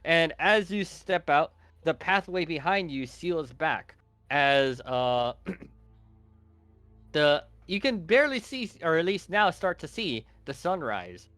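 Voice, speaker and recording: A man narrating as dungeon master of a tabletop game, relaxed and loose, with lots of fillers. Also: on the high side, takes it slowly, no room sound, faint music behind.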